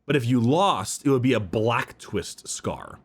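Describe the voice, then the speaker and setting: Male podcast host, casual lore explainer, profane and halting. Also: medium pitch, big pitch swings, husky. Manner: halting, profane, stumbles over words.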